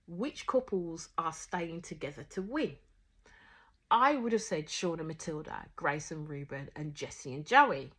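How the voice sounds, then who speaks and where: Woman reviewer, husky, low-pitched, outspoken chat. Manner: outspoken, swears freely, animated retelling. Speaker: reality show reviewer. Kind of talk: casual reaction commentary.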